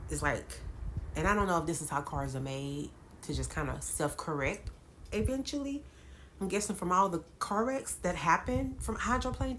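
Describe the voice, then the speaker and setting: A woman's voice: lowish voice, a little hiss or hum. A woman vlogger, casually telling her viewers a dramatic story, with lots of laughs. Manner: animated, dramatic retelling with laughs.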